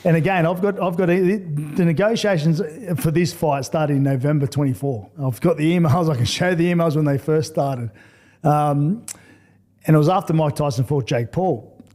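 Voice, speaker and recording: A blunt Australian man in his forties tells a long story as a podcast guest. His voice sits fairly high but has a mellow, relaxed tone. He acts out old conversations as he goes. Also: normal speed. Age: 40s. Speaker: guest, former rugby league player turned boxer.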